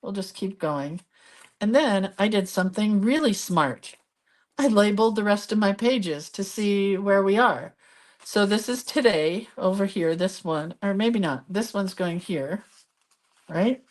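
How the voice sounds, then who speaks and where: A woman's voice: medium pitch, lively intonation, measured pace, a little mellow. Chatty woman hosting a live craft stream. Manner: chatty, rambling, reads viewer comments aloud. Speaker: craft video host. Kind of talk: casual live crafting chat.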